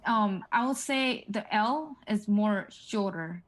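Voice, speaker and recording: A woman's voice: medium pitch, slow pace, low-quality recording. Woman, casual tutor, filler-heavy explanations, models words for repetition. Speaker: Korean language tutor. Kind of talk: casual one-on-one language lesson.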